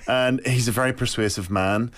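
Animated man telling a story. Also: mid-range voice, normal speed, no echo. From Northern Ireland. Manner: animated storyteller acting out voices, laughs often. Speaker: novelist guest. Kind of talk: conversational interview storytelling.

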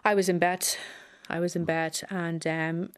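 A middle-aged woman with an Irish accent tells her story in an emotional radio interview. Her speech is halting and full of repetitions, and the grief is raw in her voice. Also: on the low side, flat delivery, clean tone. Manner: halting, repeats herself, speaks with raw grief. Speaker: radio guest, bereaved mother.

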